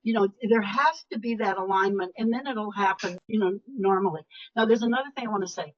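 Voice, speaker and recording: An older woman coach giving a live webinar talk, animated and emphatic, often dropping her voice low or to a whisper for effect. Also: a little fast. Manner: animated, emphatic, varies loudness, drops to whispers. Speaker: speaker and leadership coach. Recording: dull lo-fi webinar audio.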